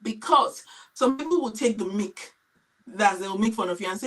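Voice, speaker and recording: A woman's voice: a little high, animated, moderate pace, recorded from a distance, low-quality recording. A middle-aged woman teacher on a live-stream panel, giving earnest, explanatory advice about teaching abroad. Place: lives in England.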